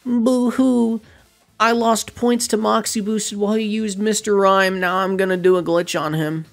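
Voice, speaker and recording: Mocking bit: a man doing a whiny, high-pitched sore-loser gamer. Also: steady tone, unhurried, creaky.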